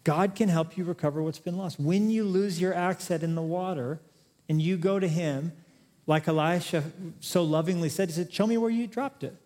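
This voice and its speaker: A man's voice: on the high side, fairly even intonation, moderate pace, darkish tone. Man preaching in an echoing church hall. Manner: conversational and humorous, building to emphatic exhortation. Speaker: pastor. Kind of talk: sermon. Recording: long reverb of a large hall.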